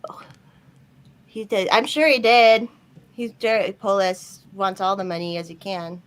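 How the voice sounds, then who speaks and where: A woman talks on a group stream, ranting with open frustration. She speaks in a middle-pitched voice and mocks the people she quotes. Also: steady tone, a little slow, smooth. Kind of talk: casual chat.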